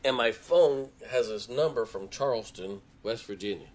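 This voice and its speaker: A man's voice: medium pitch, normal speed. A man, a pastor, preaching a sermon in a folksy storytelling way, acting out quoted conversations.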